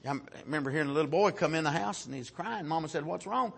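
A man preaching a folksy sermon, swinging from loud shouted peaks down to low, quiet asides. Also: fast, vocal fry, husky.

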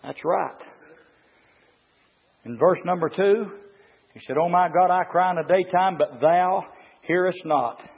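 High-voiced husky preacher man. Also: a little slow, long pauses. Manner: impassioned, swings from low murmurs to shouted climaxes; reads passages aloud and comments on them. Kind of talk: sermon. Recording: reverberant hall, muffled lo-fi sound.

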